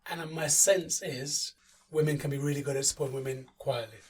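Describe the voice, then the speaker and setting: Man, quick and thoughtful, sharing personal views in a group talk; recorded off-mic with a faint room hum. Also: a little high, steady tone, recorded from a distance. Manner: thoughtful, self-correcting, speaks from personal experience. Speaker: community discussion guest. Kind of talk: reflective group discussion.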